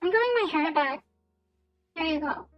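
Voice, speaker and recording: A woman's voice: very high voice, animated, moderate pace, no echo, highs cut off, soft background music. A woman streaming a game and chatting casually, rambling and repeating words while she thinks.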